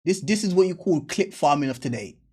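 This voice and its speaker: Husky man reacting casually. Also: a little high, lively intonation, fairly quick, darkish tone. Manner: emphatic, repeats himself, slangy. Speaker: reaction channel host.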